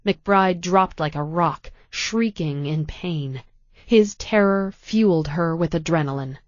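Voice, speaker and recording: A woman reading a thriller audiobook in a measured, tense, deliberate way. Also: fairly low pitch, dry recording, dull audio. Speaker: audiobook narrator. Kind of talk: scripted audiobook narration.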